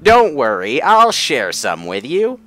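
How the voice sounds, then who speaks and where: A man's voice: medium pitch, wildly swooping pitch, takes it slowly, a bit bright, soft background music, pitched above the performer's own voice, full character voice. A man voicing a cheery but menacing male flower creature with a Southern US drawl, during a game playthrough. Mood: coaxing. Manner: sugary folksy drawl turning sinister. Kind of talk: video game let's play voicing.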